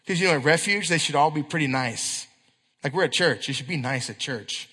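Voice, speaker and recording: A man preaches in a church hall, and his voice is high and bright. He tells stories with quick asides and acts out the quotes, while a long reverb trails after each line. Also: slightly rough. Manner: animated storytelling with quick asides and acted quotes. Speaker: youth pastor. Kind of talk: sermon.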